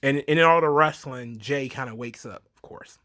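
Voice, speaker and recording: A man recapping a wrestling event in a casual monologue, acting out quotes and laughing often. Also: normal speed. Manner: animated storyteller, acts out quotes in high voices; frequent fillers, laughs often. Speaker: wrestling reviewer.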